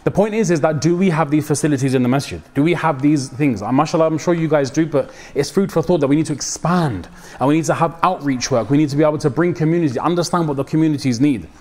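A young man delivers a mosque sermon. His voice sits a little high and he keeps it conversational, mixing slang into the preaching. He acts out the people he quotes. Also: fast, darkish tone. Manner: code-switches with slang, dramatic quoted voices. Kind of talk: mosque talk.

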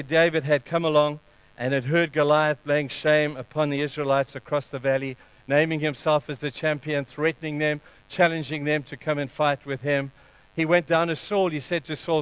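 Man, pastor, earnest sermon, animated storytelling, slightly high voice, dry recording. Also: clear, resonant tone, dry recording, rough recording.

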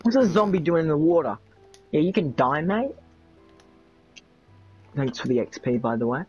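A man's voice: fairly high pitch, animated, moderate pace, a little mellow, faint music behind. A man chatting casually while playing a game with a friend, teasing often and laughing. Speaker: gaming channel host. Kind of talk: casual gameplay chat with a friend. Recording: dull lo-fi recording.

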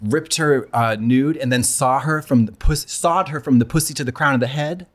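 A man co-hosting a casual comedy chat, campy, with deadpan wisecracks. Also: medium pitch, normal speed. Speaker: co-host.

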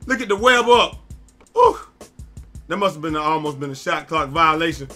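A young man streams himself playing a basketball video game, talking nonstop and breaking into shouts at his teammates. His voice sits high and swings widely, with a very bright, sharp tone. Faint music plays behind him. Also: normal speed. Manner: loud, excitable, yells at teammates. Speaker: gaming YouTuber. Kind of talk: live gameplay commentary.

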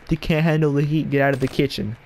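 A man giving live gameplay commentary at his computer desk at home, excitable and yelling at opponents in bursts, on a cheap mic with no windscreen. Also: fairly high pitch, fast, slight background noise. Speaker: gaming channel host. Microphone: cheap headset mic without windscreen.

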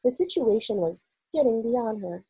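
A woman reading a children's novel aloud for school children in an expressive, unhurried storytelling manner. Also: on the high side, husky, dry recording, poor audio.

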